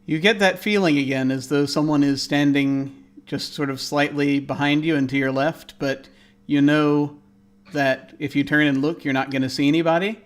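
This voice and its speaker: A man narrating as game master in a tabletop game in a hesitant, halting way, often restarting. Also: on the high side, fairly even intonation.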